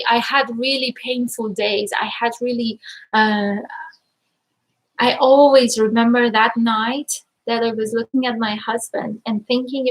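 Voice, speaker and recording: Upbeat, energetic woman coach going live. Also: fairly high pitch, low-quality recording. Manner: energetic and upbeat, effusively thankful; emotional, near tears at times. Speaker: life and money mindset coach. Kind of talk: casual live-stream talk to viewers.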